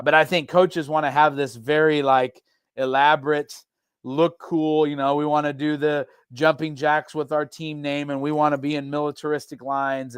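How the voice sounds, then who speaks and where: A man, a head football coach talking casually on a podcast in a relaxed, rambling way with many restarts. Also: fairly high pitch, clear, resonant tone, no echo, clean studio sound.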